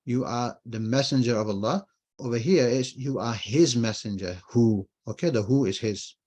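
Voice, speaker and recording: A man's voice: medium pitch, normal speed, darkish tone, slightly rough. Man teaching an online language class. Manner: explains patiently, repeats phrases, asks and answers his own questions. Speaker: Arabic teacher.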